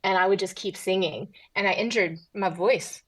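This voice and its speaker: A woman's voice: mid-range voice, no room sound, low-quality recording. A woman from Tennessee, a pastor's wife and comedian, telling stories as a guest in a casual podcast interview. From Southern US, Tennessee. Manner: animated storyteller, quick asides.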